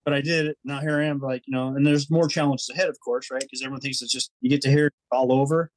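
A man's voice: medium pitch, fairly even intonation, fast, no echo, poor audio. A man telling his personal story as a podcast guest, earnest and rambling, acting out his own inner thoughts.

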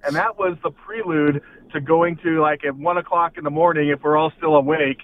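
A man's voice: fairly high pitch, steady tone, fairly quick. A man calling into a radio talk show, telling a long, rambling, nostalgic story. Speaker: caller. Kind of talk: phone-in storytelling. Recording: phone line.

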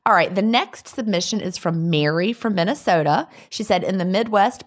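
A woman's voice: medium pitch, moderate pace, few pauses. A middle-aged woman co-hosting a casual chat show, reading listener submissions and playfully repeating odd words. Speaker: podcast co-host.

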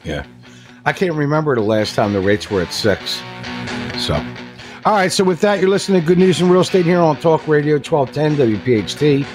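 A man's voice: fairly high pitch, sing-song, brisk, a little mellow, soft background music. A man co-hosting a talk radio show in a studio, chatty and jovial as he tells a joke. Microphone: studio microphone.

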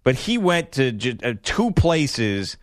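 A man's voice: mid-range voice, very animated, takes it slowly, dry recording, studio quality. A man hosting a casual sports talk show, bantering about the draft and laughing often.

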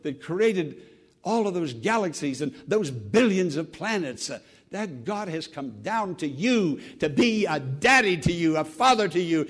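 A man preaching an earnest sermon, building to emphatic exclamations. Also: a little high. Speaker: pastor.

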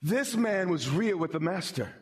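A male pastor delivering a sermon in an animated way, repeating words when he presses a point. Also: sits high, moderate pace, husky.

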